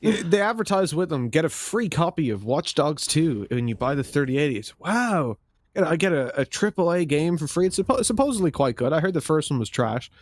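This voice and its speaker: A man's voice: on the high side, big pitch swings, a little fast, no room sound. A man casting an esports match, rambling into joking asides between plays. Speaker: esports caster. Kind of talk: casual game commentary banter.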